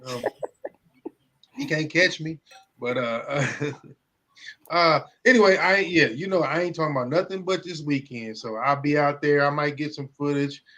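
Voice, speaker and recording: A man with a bright, forceful voice that sits a little high for a man. He co-hosts a podcast in loose, profane banter and jokes around easily. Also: normal speed. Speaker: podcast co-host. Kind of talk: casual chat.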